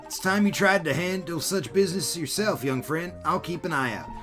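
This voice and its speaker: A man reads game dialogue aloud as Nuzleaf, giving him a helpful, folksy American Southern drawl full of exclamations and homespun advice. His voice is on the high side and fairly bright, at normal speed and lightly acted, over soft background music.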